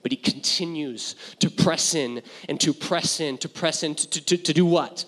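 A man's voice: a little high, normal speed, a bit bright. A young man preaching a sermon as a pastor, earnest and candid, stumbling over restarts and building to emphatic passages. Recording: long hall reverb.

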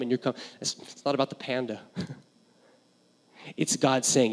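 A man's voice: medium pitch, fairly even intonation, brisk, long pauses. A young man preaching a sermon as a pastor, earnest and candid, stumbling over restarts and building to emphatic passages. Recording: long hall reverb.

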